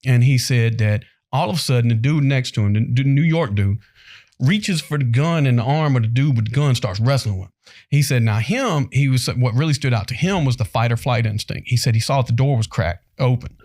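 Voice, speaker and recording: A man's voice: mid-range voice, fairly quick, no room sound, studio quality. A man, co-hosting a podcast in casual chat and animatedly acting out the people in his stories. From North Carolina, US. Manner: animated storyteller who acts out quotes. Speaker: podcast co-host.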